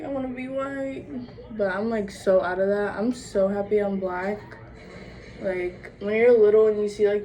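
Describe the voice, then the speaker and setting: A woman's voice: medium pitch, a little mellow. Young woman venting on her vlog, swears a lot, says like constantly, mic a bit far off with faint hiss. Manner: blunt, profane, fills every phrase with "like". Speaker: vlogger. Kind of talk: casual monologue to camera. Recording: distant mic with faint background noise.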